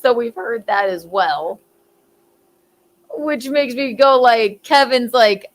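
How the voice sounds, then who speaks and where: A woman's voice: a little high, slow pace, pauses often. A woman hosting a casual comedic commentary show, rambling and giggling as she talks, and swearing freely. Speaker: host.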